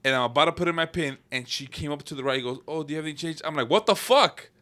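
A man's voice: on the high side, rapid-fire. A man in casual podcast chat, telling profane stories and acting out the people in them. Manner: profane, animated storyteller who acts out dialogue.

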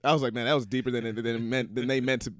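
A man's voice: medium pitch, fairly even intonation, very fast, no room sound, clean studio sound. A man co-hosting a podcast, telling stories in a loose, rambling casual chat with lots of fillers. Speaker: podcast co-host.

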